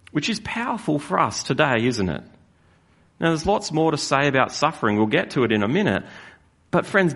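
A man preaching a sermon as a pastor, earnest and slowing down to stress key lines. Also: on the high side, fairly bright tone. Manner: earnest, with slow emphatic stresses.

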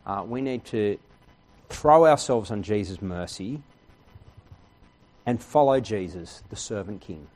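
A man's voice: on the low side, expressive, unhurried, pauses often, a little mellow. A man preaching a sermon in an earnest, conversational way, often checking in with his listeners. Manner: earnest, conversational preaching with frequent "right?" asides. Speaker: pastor.

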